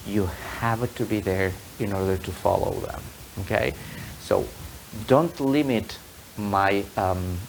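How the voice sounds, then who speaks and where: A man's voice: on the low side, slight background noise, rough recording. A man teaching an online tango lesson, patiently explaining and counting the rhythm aloud in a sing-song way.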